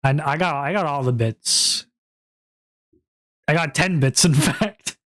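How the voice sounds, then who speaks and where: A man streaming a casual chat, rambling and stammering with playful mock outrage and loud bursts of laughter. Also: fairly high pitch, slow pace. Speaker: VTuber streamer.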